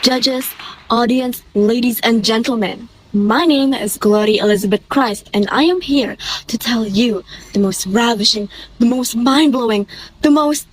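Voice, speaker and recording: A woman's voice: a little high, a little slow, slight background noise, rough recording. A woman contestant telling a children's fable with a dramatic, playful flair. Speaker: storytelling contestant. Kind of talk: theatrical storytelling.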